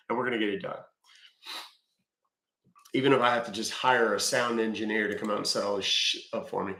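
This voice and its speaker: A man's voice: medium pitch, sharp tone, reverberant. A man hosting a livestream who chats loosely and swears freely. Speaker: livestream host. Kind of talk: casual livestream chat.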